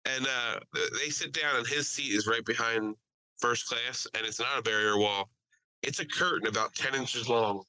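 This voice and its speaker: A man hosting a podcast, telling a story in casual, crude and animated chat. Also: mid-range voice, moderate pace, low-quality recording. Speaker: podcast host.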